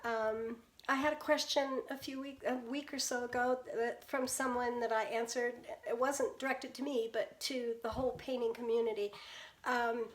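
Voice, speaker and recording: An older woman from the Pacific Northwest, a painter chatting casually with viewers on her live stream, greeting them by name and laughing often. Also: sits high.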